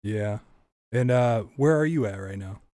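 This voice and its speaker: A man's voice: lowish voice, a little slow, warm tone, no echo, studio quality. A man hosting a podcast, chatting in a friendly, loose way with many fillers. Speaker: podcast host. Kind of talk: casual podcast interview.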